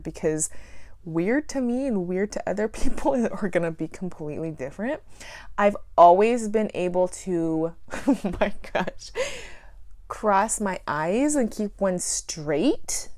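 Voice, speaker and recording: A woman's voice: medium pitch, darkish tone, dry recording. A woman chatting casually in a plant vlog, giggling often and rambling through self-deprecating asides. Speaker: plant YouTuber.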